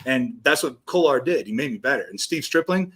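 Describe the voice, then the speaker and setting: A man's voice: mid-range voice, animated, fairly bright tone. A man in his thirties, a guest on a sports talk show, talking emphatically and cursing freely. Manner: emphatic, profane, rapid-fire. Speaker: guest, former NFL defensive lineman. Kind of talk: casual sports chat.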